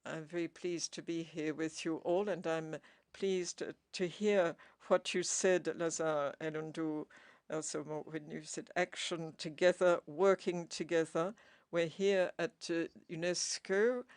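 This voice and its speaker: A woman ambassador giving a formal conference speech, deliberate, stressing key words and pausing often with "uh". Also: deep voice, steady tone, darkish tone.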